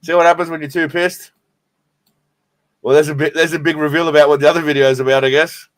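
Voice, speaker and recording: A man's voice: fairly high pitch, flat delivery, fast, dry recording. An Australian man hosting a live stream, rambling and swearing in a laid-back way while stoned. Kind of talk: casual live stream chat.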